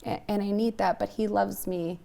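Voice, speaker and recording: A woman's voice: mid-range voice, fairly even intonation, moderate pace, creaky, warm tone. A middle-aged woman, a guest on an interview podcast, talking candidly and earnestly about her recovery, with frequent ums. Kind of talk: casual interview talk.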